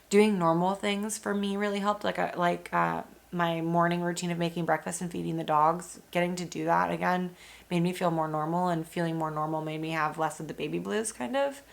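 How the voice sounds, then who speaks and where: A woman's voice: fairly low pitch, gravelly. A young woman, a new mother, chatting candidly in a casual vlog, full of fillers and the odd swear word.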